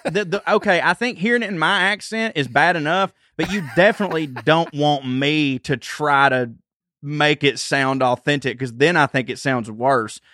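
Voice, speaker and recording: A man from Georgia talks with a heavy Southern drawl, his voice sitting a bit high. He rambles through stories, poking fun at himself. The sound is dry and close to the mic. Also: moderate pace, sharp tone, dry recording. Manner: rambling storyteller, self-deprecating, laughs often. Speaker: comedian guest. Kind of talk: casual podcast chat.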